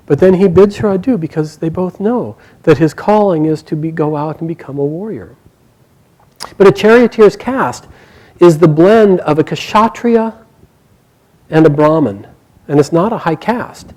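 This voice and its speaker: A man telling an epic story aloud, narrating expressively with frequent pauses and small restarts. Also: fairly high pitch, a little mellow, poor audio.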